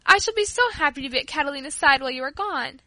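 A woman's voice: high-pitched, animated, quick pace, bright, forceful tone, dry recording, exaggerated voice. A woman voicing a tender-hearted young girl who pleads and coaxes to get her way in a storybook reading. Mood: pleading. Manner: pleading, coaxing.

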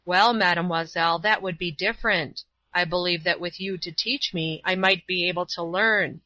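A woman voicing a rough, humble older workman who talks in a plain, earnest, self-deprecating way. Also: fairly low pitch, steady tone, normal speed, pushed and bright, no room sound. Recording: dull lo-fi recording.

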